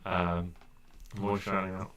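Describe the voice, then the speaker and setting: A man's voice: low-pitched, level tone, a little slow, fairly bright tone. A man as game master, describing scenes in a rambling way full of fillers. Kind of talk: narrating a tabletop game.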